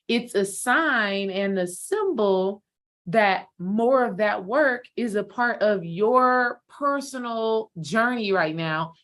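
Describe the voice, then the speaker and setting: A woman healing coach giving a spiritual coaching talk, encouraging and affirming her course members. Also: mid-range voice. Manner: encouraging, affirming listener with soft "mm" and "yep".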